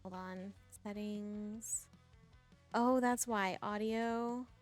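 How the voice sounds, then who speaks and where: Woman streamer, chatty, casual, greets chat by name, laughs a lot, middle pitch, desk mic at home. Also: fairly even intonation, very slow, soft background music. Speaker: game streamer. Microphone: desk mic, headset off.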